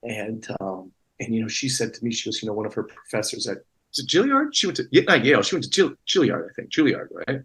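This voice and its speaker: A man's voice: lowish voice, sing-song, fast, fairly bright tone, slightly rough, poor audio. A man talking as a guest actor in a casual interview, rambling with many restarts and fillers.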